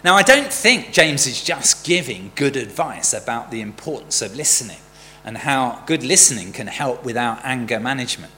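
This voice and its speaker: A man's voice: mid-range voice, sing-song, normal speed, few pauses, bright, forceful tone. A man preaching a sermon in a conversational storytelling way. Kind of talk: sermon with a joke. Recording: church hall reverb with faint hum.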